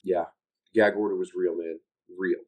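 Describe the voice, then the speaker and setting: A deep, low-pitched man speaks over what sounds like a phone, recounting his service days in an easygoing chat. He laughs often and acts out the back-and-forth of old conversations. The delivery stays loose and conversational. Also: steady tone, moderate pace, darkish tone. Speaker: interview guest, former Marine. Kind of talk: casual storytelling.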